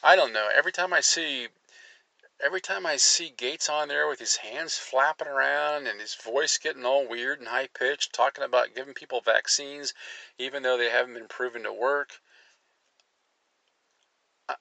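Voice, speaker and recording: Gravelly man with a tense, sharp voice. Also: normal speed, no echo, rough recording. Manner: sarcastic asides, jumps up in pitch when worked up. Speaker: commentary show host. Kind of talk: opinionated political commentary, reading articles aloud.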